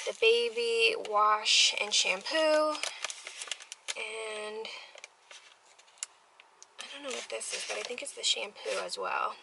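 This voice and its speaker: A woman's voice: on the high side, pushed and bright, a little hiss or hum, poor audio. A young woman telling a heartfelt story in a casual family vlog, rambling with many fillers. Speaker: family vlogger.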